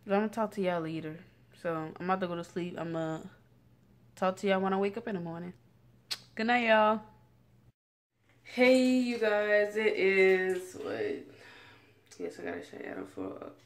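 A woman's voice: mid-range voice, moderate pace, long pauses. A teenage girl talks straight into her phone camera in a loose, rambling rant. Her talk is full of slang, restarts and fillers, sitting at home late at night. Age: late teens. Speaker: vlogger.

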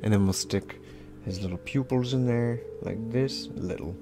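A man's voice: mid-range voice, moderate pace, music in the background. A man leading a casual draw-along lesson, talking as he draws, playful and rambling with self-mocking asides. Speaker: drawing instructor.

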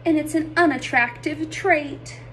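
A woman's voice: sits high, measured pace, a little hiss or hum. A woman voicing a blunt, straight-talking male octopus in a storybook read-aloud.

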